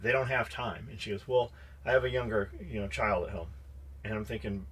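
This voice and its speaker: A man's voice: on the low side, a little fast, fairly bright tone, breathy edge. A man co-hosting a podcast who bluntly tells a workplace story, swearing often and acting out the dialogue. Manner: blunt, profane, acts out dialogue. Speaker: podcast co-host. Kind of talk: casual storytelling chat.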